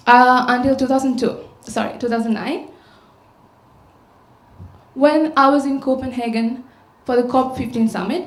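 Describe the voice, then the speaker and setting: A woman giving a public talk, telling a story and asking the audience rhetorical questions. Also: a little high. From Sri Lanka. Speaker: conference speaker. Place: large auditorium. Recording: echoey auditorium sound.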